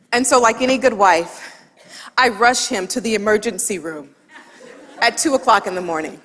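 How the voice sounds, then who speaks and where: A woman giving a talk, telling a humorous story with quoted dialogue in a lively way. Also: on the high side, moderate pace, long pauses. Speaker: speaker. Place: large hall with audience. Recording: long hall reverb.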